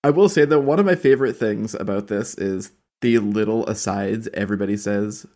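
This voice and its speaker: A man's voice: fairly low pitch, fairly quick, darkish tone. A man co-hosting a podcast in casual chat, wry and sweary, telling anecdotes. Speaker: podcast co-host.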